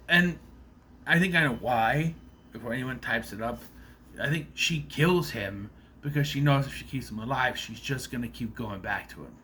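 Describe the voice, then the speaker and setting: A man's voice: medium pitch, moderate pace, bright, forceful tone, a little hiss or hum. A man casually recapping a movie plot in a rambling, loose way, swearing freely as he goes.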